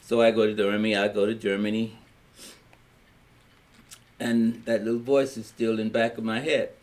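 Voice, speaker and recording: A man's voice: lowish voice, level tone, moderate pace, a little mellow. Older Louisiana man, plain-spoken elder recalling family history at length. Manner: rambling, plain-spoken storyteller acting out quotes. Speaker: family elder telling his story. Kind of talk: storytelling in a family history recording.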